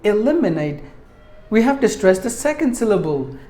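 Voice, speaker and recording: Male pronunciation teacher, slow and methodical, drills words syllable by syllable in a roomy, echoing space. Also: sits high, expressive, a little mellow, soft background music. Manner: deliberate, repeats each word and breaks it into syllables. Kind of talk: pronunciation lesson. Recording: echoey room.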